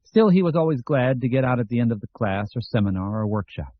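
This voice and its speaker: A man reading an audiobook in a measured storytelling style. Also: mid-range voice, lively intonation, no echo. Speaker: audiobook narrator. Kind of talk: scripted narration. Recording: dull lo-fi audio.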